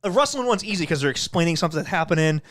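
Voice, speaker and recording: Fast-talking, teasing man, dry sound. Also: on the high side, big pitch swings, fairly bright tone, no echo. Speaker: podcast co-host. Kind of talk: casual chat.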